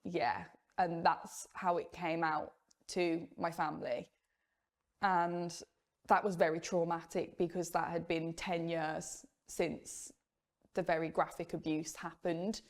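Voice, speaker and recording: Young woman talking through her past, lowish voice, open and steady. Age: young adult. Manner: candid, measured storytelling with rueful laughs. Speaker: former Jehovah's Witness sharing her story. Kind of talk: personal testimony.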